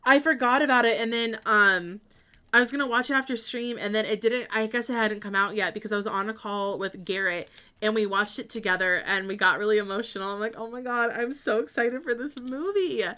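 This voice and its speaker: A woman's voice: mid-range voice, steady tone, fairly quick, bright, forceful tone, clean tone. A woman streamer chatting casually while building in a game, thinking aloud and answering her chat.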